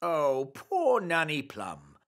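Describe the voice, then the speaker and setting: A man's voice: a little high, slow pace, heavily acted. A flustered, pompous fairy king. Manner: excitable and exclamatory. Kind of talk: cartoon voice acting.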